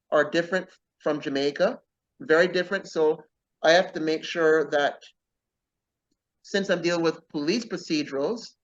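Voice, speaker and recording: A man with a fairly high-pitched voice, recorded with the highs cut off, is interviewed casually about being an author. Earnest in tone, he keeps tagging his points with "okay?".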